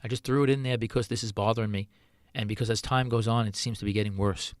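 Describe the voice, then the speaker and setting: A man's voice: on the low side, fairly even intonation, quick pace, no room sound, studio quality. A middle-aged man, a chef hosting his own podcast, talking earnestly in a solo monologue full of rhetorical questions.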